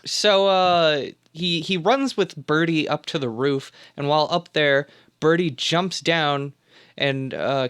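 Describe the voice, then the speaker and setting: A man's voice: on the high side, normal speed, a bit bright, clean tone. A man hosting a podcast, casually recapping a film plot in a rambling, laid-back way with plenty of fillers. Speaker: podcast host.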